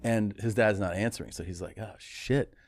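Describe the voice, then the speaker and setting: A man's voice: lowish voice, normal speed, no echo. A man in casual podcast chat, telling stories and acting out the people he quotes. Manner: animated storyteller, acts out quoted texts.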